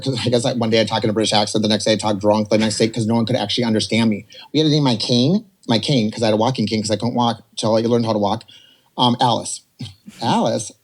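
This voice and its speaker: A man in his forties telling a personal story on a podcast, animated and rambling, slipping into voices to act out what others said. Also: medium pitch. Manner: animated, rambling, jumps between quoted voices. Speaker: podcast guest. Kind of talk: casual storytelling.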